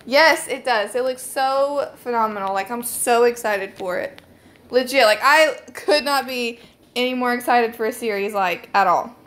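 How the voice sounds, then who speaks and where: A woman's voice: on the high side, normal speed, fairly bright tone. A young woman hosting a casual live stream from home on her phone, rambling and chatty with lots of "like" fillers.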